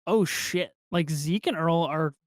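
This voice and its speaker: A man co-hosting a podcast in casual film review chat, excitable and swearing freely as he acts out movie lines. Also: a little high, measured pace, no echo, studio quality. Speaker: podcast co-host.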